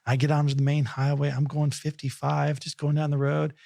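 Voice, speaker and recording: A podcast co-host in his forties, this man has a slightly high, creaky voice and talks fairly quickly, recorded at studio quality with no echo. Telling a story in casual chat, he's an animated storyteller who acts out the voices and laughs.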